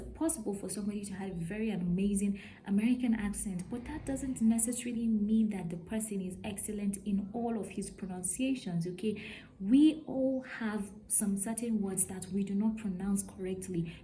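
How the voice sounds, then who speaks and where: A woman explains pronunciation in an emphatic teaching voice, often stopping to ask "okay?". Her tone is mellow and warm. Faint noise hums behind her. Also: mid-range voice, poor audio. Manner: emphatic, repeats "okay?" to check understanding. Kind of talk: talking-to-camera lesson.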